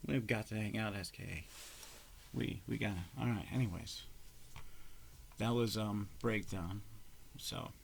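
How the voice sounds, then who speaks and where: A man with a fairly low, gravelly voice talks in a casual vlog ramble. He is profane and loose, jumping from loud outbursts to mumbled asides under his breath. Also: unhurried, long pauses, slight background noise. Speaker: vlogger.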